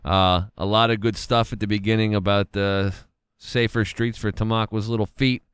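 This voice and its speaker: A man's voice: on the low side, little pitch movement, moderate pace, a bit bright, clean tone, no room sound, clean studio sound. A man hosting a casual radio show, joking around, rambling with lots of fillers and laughing often.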